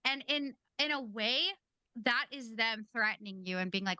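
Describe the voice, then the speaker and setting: A woman's voice: a little high, moderate pace, bright, forceful tone, smooth, no room sound. A woman hosting a podcast, giving blunt, casual commentary and swearing freely. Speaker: podcast host.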